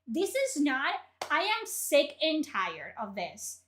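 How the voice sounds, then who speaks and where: A woman's voice: high-pitched, wildly swooping pitch, slow, fairly bright tone, slight background noise. A woman streamer on a livestream, reacting to gaming news in an angry rant, swearing and repeating herself.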